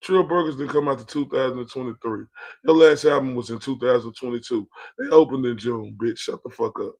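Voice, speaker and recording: A man's voice: mid-range voice, fairly quick, darkish tone. A man from Texas, livestreaming a profane, confrontational reaction rant. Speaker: streamer reacting to clips.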